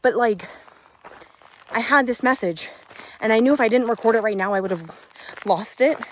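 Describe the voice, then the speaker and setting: A woman's voice: fairly high pitch, moderate pace. Earnest woman vlogging on a hike. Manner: earnest, uplifting, loose and rambling with fillers. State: slightly out of breath from hiking. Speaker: spiritual business coach. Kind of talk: unscripted motivational vlog on a walk. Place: outdoors on a hiking trail in nature. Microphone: phone without an external mic. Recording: faint outdoor noise, phone mic. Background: crickets and insects.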